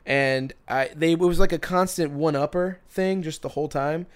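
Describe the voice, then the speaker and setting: A man's voice: a little high, moderate pace, clear, resonant tone. A man on a podcast telling a story in casual chat, rambling with many restarts and bursts of laughter.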